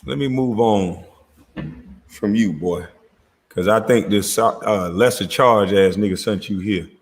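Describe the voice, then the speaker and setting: A man's voice: lowish voice, a little slow. A man hosting his own channel, cursing and mocking as he reacts to clips. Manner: mocking, cursing, laughing loudly. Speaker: commentary channel host. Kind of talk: profane reaction rant.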